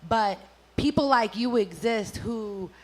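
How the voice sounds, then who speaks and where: A woman's voice: a little high, takes it slowly, a little mellow. A brash, profane woman, chatting casually as a guest on a drinking talk show. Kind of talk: casual chat.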